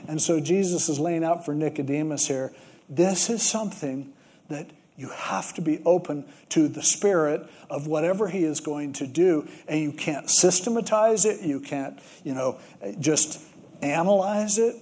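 A man's voice: on the high side, normal speed, a little mellow. A man preaching a sermon, telling stories and acting out the voices in them. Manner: storytelling, acts out quoted voices. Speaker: pastor.

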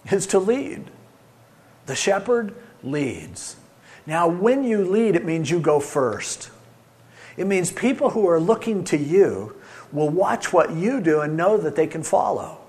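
A middle-aged man preaching a sermon, swinging between loud emphasis and soft, soothing asides. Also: fairly high pitch. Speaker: pastor.

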